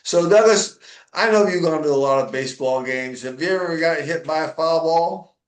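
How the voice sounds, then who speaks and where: A man's voice: fairly high pitch, moderate pace, reverberant. A man co-hosting a podcast, telling a comic story with lots of ums and uhs. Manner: chatty, filler-heavy telling. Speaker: podcast co-host.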